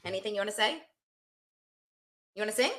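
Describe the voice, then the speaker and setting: A woman's voice: medium pitch, lively intonation, brisk, fairly bright tone. A middle-aged woman hosting a casual live stream, chatty and upbeat, gushing like a proud mom. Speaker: host.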